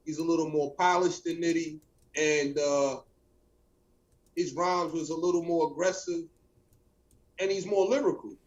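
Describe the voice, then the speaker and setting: A man with a fairly high voice chats casually as a co-host. He sounds laid-back and teasing, and he drops "man" into his talk again and again. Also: fairly even intonation, unhurried, pauses often, lo-fi sound. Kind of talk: casual chat.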